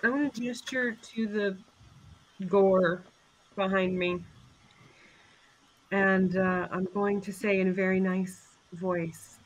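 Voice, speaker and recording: A woman playing a tabletop game, speaking slowly and sweetly with a menacing undertone. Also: medium pitch, steady tone, poor audio. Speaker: player. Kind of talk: in-character tabletop role-play.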